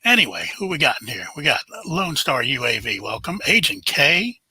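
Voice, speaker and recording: A man's voice: medium pitch, big pitch swings, normal speed, bright, forceful tone, breathy edge, dry recording, low-quality recording. An older man, hosting a casual live stream, chatting and greeting viewers by name.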